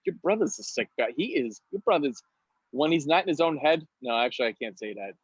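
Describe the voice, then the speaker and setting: A man's voice: on the high side, lively intonation, a little fast, husky, dry recording, lo-fi sound. A man with a New York accent, a comedian guest on a casual podcast, telling stories and slipping into put-on voices, laughing often. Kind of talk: casual podcast interview, storytelling.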